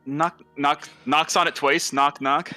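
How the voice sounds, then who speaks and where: A man's voice: a little high, steady tone, unhurried, bright, forceful tone, faint music behind. A man playing in a tabletop game, joking and laughing easily. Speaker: player. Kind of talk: casual chat in a tabletop game.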